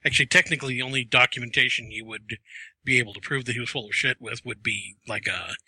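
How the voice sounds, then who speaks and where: A man co-hosting a podcast, deadpan and pedantic in casual chat. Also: mid-range voice, fast talker, husky, dry recording.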